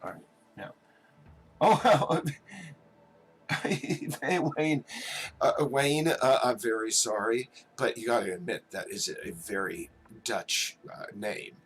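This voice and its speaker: Stammering chatty man, bright voice. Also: mid-range voice, slow, husky. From New Jersey. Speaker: livestream host. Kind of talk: casual live chat.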